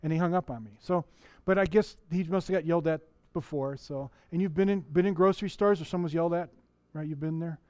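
A middle-aged male pastor delivers a sermon in a relaxed, conversational way, often restarting his sentences and putting questions to the congregation. His voice sits a little high for a man. The sound is dry and close, with little room echo. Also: quick pace, few pauses. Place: church.

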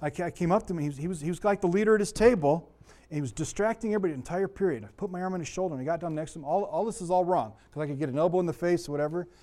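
A man's voice: a little high, rapid-fire, warm tone. A middle-aged man teaching a Bible lesson in a conversational way, full of stories and asides, his voice a little sore. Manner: conversational, digressive, with anecdotes. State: slightly sore voice.

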